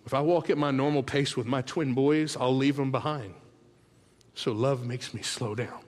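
A man preaching a sermon as a pastor, telling tender stories in a soft voice and building to loud, rallying calls to the congregation. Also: medium pitch, fairly even intonation, moderate pace. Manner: heartfelt storytelling that swells into loud rallying calls; drops to soft, hushed tones for tender moments. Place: large church auditorium. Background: soft background music.

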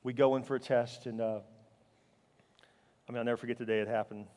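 A man preaching a sermon, telling a personal story with strong emotion, moving between loud, fervent passages and quiet, halting ones. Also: mid-range voice, fairly even intonation, in a large hall. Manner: emotional storytelling, swinging from loud fervor to hushed, halting speech. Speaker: pastor.

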